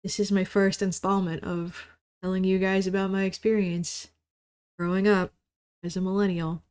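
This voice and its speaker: A woman's voice: medium pitch, little pitch movement, moderate pace, darkish tone, smooth. A woman in her thirties hosting a podcast, rambling casually in a solo monologue, swearing often and mock-ranting. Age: 30s. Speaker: podcast host.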